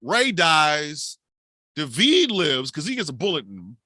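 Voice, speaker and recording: This co-host recaps a film in a loose, swear-heavy chat, full of mock outrage. The voice is bright and leaps all over the place in pitch. The sound is dry and close. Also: sing-song, measured pace, dry recording. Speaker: podcast co-host. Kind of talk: casual profane film recap.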